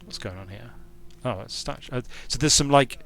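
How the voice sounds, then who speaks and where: A young game designer streams a strategy game from a hot room at home, commenting casually. He rambles and thinks aloud, often breaking off mid-sentence. His voice is mid-range, gravelly and fairly bright at normal speed, with soft music in the background.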